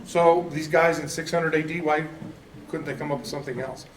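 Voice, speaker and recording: A man's voice: a little high, steady tone, brisk, slight background noise. A man teaching a casual church class, chatty and self-deprecating, often laughing at himself. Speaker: Bible study teacher. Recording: echoey room, mic at a distance.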